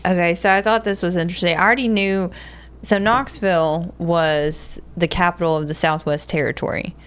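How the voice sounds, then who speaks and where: A woman's voice: on the low side, fairly even intonation, normal speed, a bit bright, smooth. Laughing Southern woman reading facts. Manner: reads facts aloud, laughs often. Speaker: podcast co-host. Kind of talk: casual chat.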